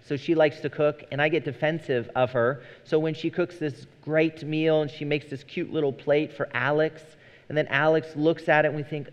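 A man's voice: fairly high pitch, steady tone, moderate pace. A man in his thirties, a pastor preaching a sermon in a conversational, storytelling way. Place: church sanctuary. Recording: dull sound with long hall reverb.

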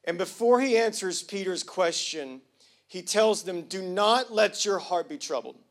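Lively high-voiced preacher man. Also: a little slow. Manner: emphatic, swings from hushed to loud and lively; casual slang, jokes with the congregation. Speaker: pastor. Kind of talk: sermon.

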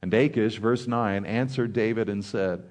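A man's voice: fairly low pitch, a little mellow. Casual man teaching scripture. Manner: conversational, reads scripture slowly then explains with many "like"s. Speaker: Bible teacher. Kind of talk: Bible study sermon.

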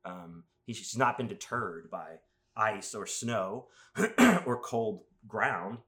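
A man chatting casually as a podcast host, telling rambling stories with crude jokes and animated asides. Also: on the low side, takes it slowly. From Las Vegas. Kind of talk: casual chat.

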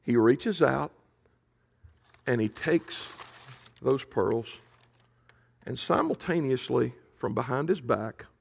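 Male preacher, gravelly voice, conversational sermon storytelling, hushed emphasis. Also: mid-range voice, expressive, slow pace, long pauses, a little hiss or hum. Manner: conversational, drops to a hush for emphasis. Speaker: pastor.

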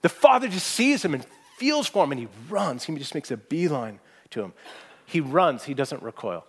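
A man's voice: a little high, sing-song, a little fast, husky. Earnest man preaching a sermon. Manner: earnest, rising to emphatic peaks and dropping to soft quoted asides. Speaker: pastor. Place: church hall with audience.

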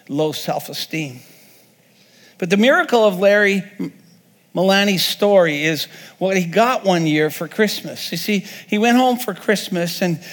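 Earnest and unpolished, this pastor keeps restarting thoughts and repeating words as he preaches. His voice is slightly high for a man and a bit bright, and a long echo follows every phrase as though in a big sanctuary.

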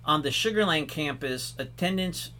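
Male guest, executive pastor, enthusiastic and explanatory, slightly high and bright voice. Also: expressive, normal speed, slight background noise. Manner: enthusiastic, explanatory, many restarts and fillers. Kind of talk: casual podcast interview.

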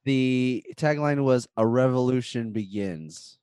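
A man's voice: medium pitch, takes it slowly, a little mellow, clear, resonant tone, no echo, studio quality. A man from the American South, co-hosting a casual movie podcast and joking around. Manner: joking, laughs often, improvises crude song. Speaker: podcast co-host. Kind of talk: casual chat.

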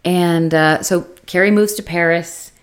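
A woman co-hosting a casual podcast chat, recapping a TV series and acting out the characters' lines with big leaps in pitch. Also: unhurried. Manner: animated retelling, acts out quotes with big pitch jumps. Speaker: podcast co-host.

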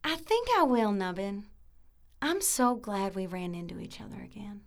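A woman's voice: medium pitch, very animated, normal speed, vocal fry. An actress playing a timid young female cosmetology student who is stuck helping in a kitchen and apologizes easily. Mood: sweet. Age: young adult. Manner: meek, apologetic, tearful under pressure.

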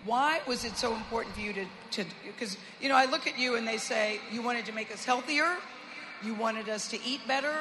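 A woman's voice: fairly high pitch, brisk, roomy sound, noisy background. A woman interviewing on stage, asking rambling questions, heard in a clip played back.

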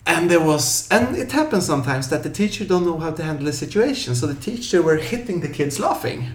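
A professional clown telling lively stories in an interview, acting out scenes with yelps and funny voices. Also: male voice, on the high side, fast. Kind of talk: animated storytelling in an interview. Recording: echoey room.

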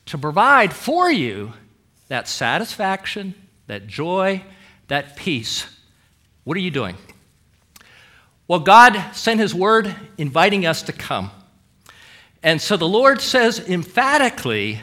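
A man preaching a sermon with emphatic delivery, dramatic pauses and quoted scripture. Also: high-pitched, big pitch swings, bright, forceful tone. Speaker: pastor.

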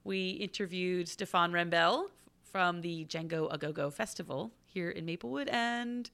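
A woman's voice: lowish voice, vocal fry, fairly bright tone. A woman co-hosting a podcast, chatting in a playful, jokey way. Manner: playful, quick to laugh. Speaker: podcast co-host. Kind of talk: casual podcast chat.

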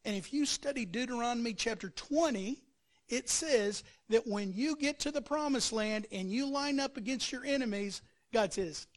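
A man's voice: very high-pitched, moderate pace. A male pastor preaching a sermon, telling the story with energy and acting out quotes and sound effects.

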